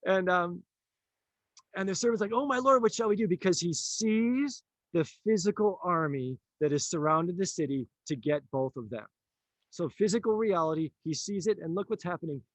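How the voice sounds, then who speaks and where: A man telling a story in a casual conversation, animated, acting out the lines of the people in it and laughing often. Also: high voice, moderate pace, no echo. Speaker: author and teacher.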